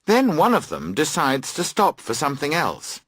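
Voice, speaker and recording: A man reading a classic story aloud for language learners, slow, clear and very expressive. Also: a little high, no echo, clean studio sound. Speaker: audiobook reader. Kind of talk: scripted storybook narration for learners.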